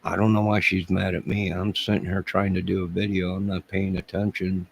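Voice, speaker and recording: A low, level, husky voice with a creaky edge comes through a rough recording as a man runs a YouTube live stream. He moves briskly through viewer comments, rambling, crude, combative and sarcastically mocking.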